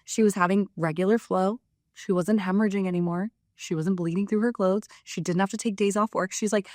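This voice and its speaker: A woman's voice: mid-range voice, steady tone, a little fast, a little mellow, no room sound, studio quality. A woman health practitioner giving a frank, casual talk to camera about women's health. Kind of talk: direct-to-camera health teaching.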